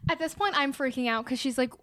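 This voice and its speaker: High-voiced young woman chatting about a film. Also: fairly bright tone, dry recording, studio quality. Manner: chatty, uses lots of "like", quick agreeing interjections. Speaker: podcast co-host. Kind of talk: casual film recap chat.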